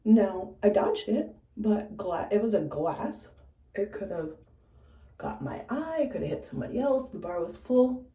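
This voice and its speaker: A woman bartender casually telling stories while doing her makeup, blunt and animated, swearing freely. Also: medium pitch, measured pace, distant mic. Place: room in a house. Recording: echoey room, away from the mic, faint noise.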